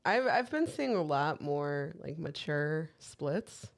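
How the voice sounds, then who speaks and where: A woman's voice: low voice, expressive, slow pace. A woman co-hosting a podcast, telling candid stories in casual chat with plenty of swearing. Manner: candid, swearing storyteller who quotes herself. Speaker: podcast co-host.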